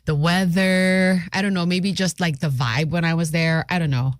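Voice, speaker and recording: A woman co-hosting a radio show, chatty and quick to laugh, slipping into Tagalog now and then. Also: on the low side, fairly even intonation, no echo. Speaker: radio co-host. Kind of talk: casual radio banter. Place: radio studio.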